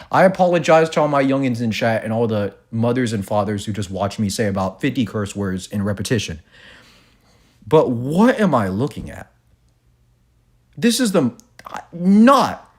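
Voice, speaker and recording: Male streamer hosting a watch party; excitable slangy talk, fairly high voice with huge swings. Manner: excitable, swears a lot, slangy. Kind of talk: live reaction stream.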